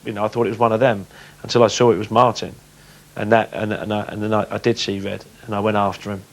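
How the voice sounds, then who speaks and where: A man, a former player, telling lively anecdotes in an interview and mimicking teammates. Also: fairly low pitch, fast talker. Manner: lively storyteller, mimics voices, laughs often.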